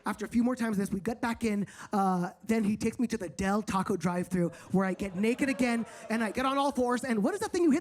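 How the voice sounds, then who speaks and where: A male stand-up comedian telling a story in a campy, flamboyant way, chatting straight to the crowd. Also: extremely high pitch. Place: comedy stage.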